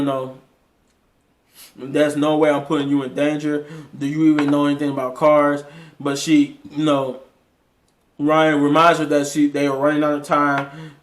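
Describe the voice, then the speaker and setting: A man casually recapping a TV episode in a rambling way, with frequent restarts and fillers. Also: fairly high pitch. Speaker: TV episode reviewer.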